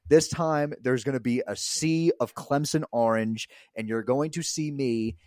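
A young man co-hosting a sports podcast in easy, casual chat. He rambles and stacks up filler words as he goes. His voice sits at a middling pitch, and the recording is dry and close. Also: a little slow, a little mellow, dry recording. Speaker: podcast co-host.

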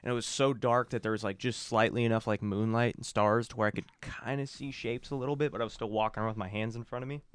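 A man's voice: medium pitch, fairly even intonation, fast, hardly any pauses, clean tone, no echo. A young man in casual podcast chat, rambling through a long story with lots of cursing and filler words. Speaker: podcast co-host.

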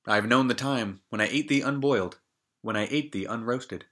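A man voicing a humble young maiden who hides her identity and speaks in soft, old-fashioned lines. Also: mid-range voice, moderate pace, close to an everyday voice. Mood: wistful. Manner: soft archaic rhyming lines. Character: humble young maiden in disguise, gentle, secretive.

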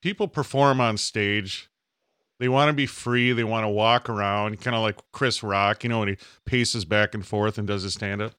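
A podcast co-host with a low-side voice that is fairly bright, clear and resonant chats comedically at normal speed with fairly even intonation. He jokes around and sometimes drops into silly put-on voices. The sound is clean studio audio with no echo.

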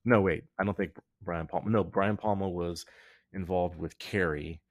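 A man's voice: low-pitched, fairly even intonation, moderate pace, dry recording, clean studio sound. A man hosting a podcast in casual chat, rambling and joking as he tells stories, often restarting his sentences. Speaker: podcast host.

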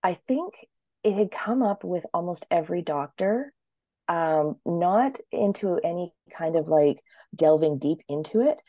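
Low, mellow-voiced woman in her thirties. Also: vocal fry, no echo, clean studio sound. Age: 30s. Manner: chatty, acts out quotes with sudden high-pitched voices. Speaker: interview guest. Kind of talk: casual storytelling.

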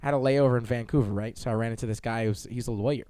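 A young man co-hosting a podcast in casual chat, excitable, swearing and laughing often. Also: medium pitch, racing, clean tone, no echo, studio quality. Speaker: podcast co-host.

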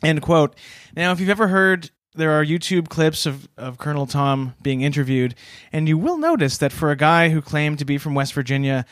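Casting: male podcast host, slightly high voice, chatty and laughing as he goes, dry close sound. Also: moderate pace, few pauses, dry recording. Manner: chatty, laughs between points, loose with fillers. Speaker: podcast co-host presenting research. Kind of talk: casual storytelling podcast chat.

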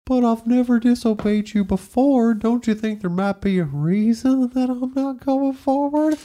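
A meek talking donkey, put on by a man, pleads its case in a high, drawn-out whine. The voice is lifted well above an ordinary speaking pitch and stretched slowly, as in a comic retelling of a storybook scene. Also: warm tone. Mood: pleading.

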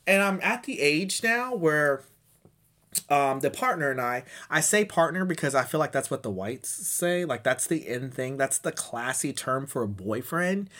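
A man's voice: on the high side, expressive, unhurried, sharp tone. A man in his thirties, a podcast host rambling through a profane, self-mocking comedic monologue. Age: 30s.

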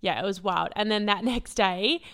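Young woman, podcast co-host, mid pitch, clean smooth tone, casual recap. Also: moderate pace, a bit bright. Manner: breezy, filler-heavy recounting. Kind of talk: casual chat.

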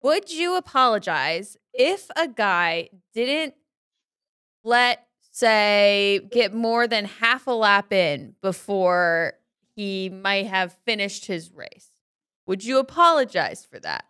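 Bright lively woman co-host. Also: medium pitch, takes it slowly, clear, resonant tone. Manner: lively, blunt, swears casually. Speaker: podcast co-host. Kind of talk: casual podcast interview.

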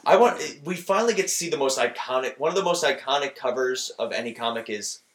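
A man hosting a casual podcast chat, animated and quick to laugh. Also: mid-range voice, reverberant. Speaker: podcast host.

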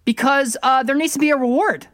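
A woman's voice: sits high, fairly quick, fairly bright tone, no echo. A woman co-hosting a podcast in casual banter, with a dry, teasing, wry manner. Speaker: podcast co-host.

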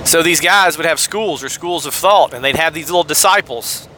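A man's voice: a little high, normal speed, bright, forceful tone, slight background noise. A man from Georgia, hosting a podcast and commenting on scripture in a fired-up, sarcastic way with rambling asides. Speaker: podcast host.

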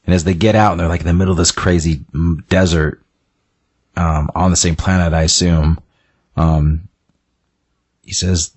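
A man's voice: deep voice, steady tone, moderate pace, long pauses, a little mellow, breathy edge. A man casually retelling a game's story, rambling along with many fillers. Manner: rambling, lots of "he's like" and fillers. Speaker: game plot recapper.

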